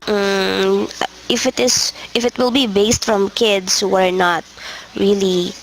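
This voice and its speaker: Female trainee, mid-pitch, some vocal fry, hesitant short answers. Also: steady tone, slow, rough recording. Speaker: trainee teacher. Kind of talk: casual training session.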